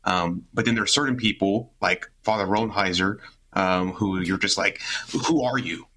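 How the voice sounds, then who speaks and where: A man's voice: low voice, fairly even intonation, moderate pace, bright, forceful tone, a little hiss or hum, poor audio. A man as a talk show guest, making emphatic points while searching for words. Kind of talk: casual talk show discussion.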